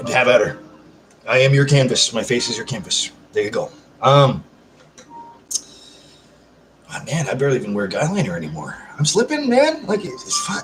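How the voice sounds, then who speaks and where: A man's voice: fairly low pitch, background noise. A man hosting a casual live chat, rambling, swearing freely and answering viewer comments. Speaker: livestream host. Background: background music.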